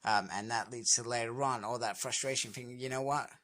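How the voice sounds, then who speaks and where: A young man talks through a comic book issue in a loose, rambling recap. His voice is bright and forward, and he keeps circling back with fillers as he goes. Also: medium pitch, fairly even intonation, fairly quick. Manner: rambling, filler-heavy retelling with "anyway".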